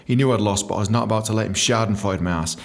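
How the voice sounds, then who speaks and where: A man's voice: on the low side, very fast, creaky. An English man reads his own memoir and breaks into crude, joking asides that are full of swearing. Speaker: author reading his book.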